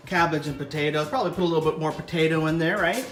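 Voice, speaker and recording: A middle-aged man casually vlogging as he cooks in a home kitchen and gently coaches his young daughter with a knife, chatty and jokey. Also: fairly high pitch, rapid-fire. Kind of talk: casual cooking ASMR vlog. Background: music and kitchen clatter of knives and pots.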